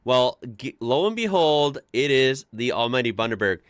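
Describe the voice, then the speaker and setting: An American man hosts a casual commentary show, reading online posts aloud with chatty amusement and tossing in his own asides. His medium-pitched voice is sing-song, clear and resonant at normal speed, recorded in studio quality with no room sound.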